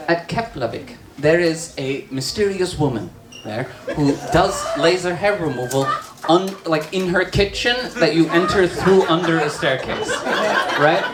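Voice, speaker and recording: A trans woman performing a stand-up comedy set in a bar, telling stories with deadpan asides. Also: low voice. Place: bar with live audience. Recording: roomy bar recording with crowd laughter.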